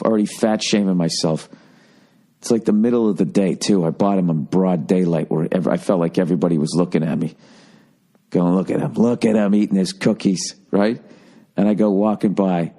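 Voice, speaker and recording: A middle-aged man hosting a podcast, telling a rambling, profanity-heavy story and mimicking people as he goes. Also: sits low. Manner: animated, swearing, mimics people. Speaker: comedian podcast host.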